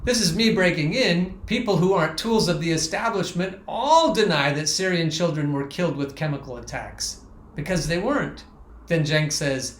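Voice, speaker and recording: Sarcastic guy ranting on his podcast, highish voice, kinda echoey room. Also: lively intonation, normal speed. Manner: sarcastic, scornful, blunt with profanity. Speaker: podcast host. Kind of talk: commentary reading quotes aloud.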